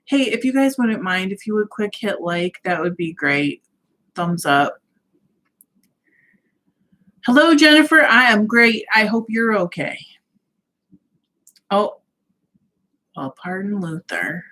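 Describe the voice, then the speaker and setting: A woman's voice: mid-range voice, animated, slow pace, long pauses, bright, forceful tone. A woman hosting a casual livestream from home, cheerfully greeting viewers by name and reading out their comments. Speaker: livestream host.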